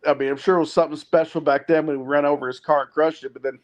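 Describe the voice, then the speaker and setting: A man's voice: a little high, fairly even intonation, racing, lo-fi sound. A man in casual chat, hesitant and correcting himself with frequent fillers.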